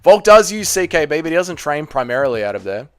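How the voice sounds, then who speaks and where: Young Aussie streamer, heated and sweary, lively upbeat pitch. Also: male voice, fast, smooth. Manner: heated, ranting, profane. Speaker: streamer host. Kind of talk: live stream watch party chat.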